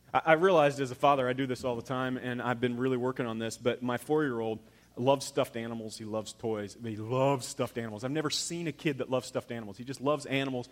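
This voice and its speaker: A man in his thirties preaching a sermon as pastor, emphatic, swinging between loud urging and hushed near-whispers. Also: mid-range voice, long reverb tail.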